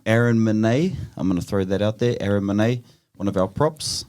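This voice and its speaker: A man with a slightly low voice, telling long, meandering stories in relaxed podcast talk. He drops "bro" into nearly every sentence. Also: brisk. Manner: rambling anecdotes peppered with "bro". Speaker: podcast guest. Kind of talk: casual chat, storytelling.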